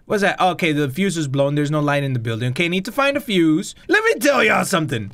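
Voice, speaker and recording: A man's voice: fairly high pitch, big pitch swings, brisk, few pauses, a bit bright. A man giving profane, joking let's-play commentary on a VR horror game, switching between English and Spanish. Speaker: VR gamer, channel host.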